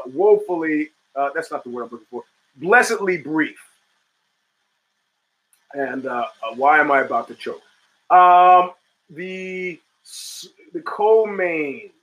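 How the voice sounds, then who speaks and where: Male podcast host, middle-aged, bright tone, casual and crude. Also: sits high, poor audio. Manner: rambling, profane, reads chat and answers it. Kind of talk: casual talk show monologue.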